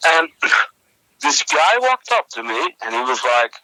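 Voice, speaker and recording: A young man co-hosting a comedy podcast, telling a rambling story with many halting restarts. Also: medium pitch, very animated, sharp tone, dry recording, low-quality recording. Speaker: podcast co-host.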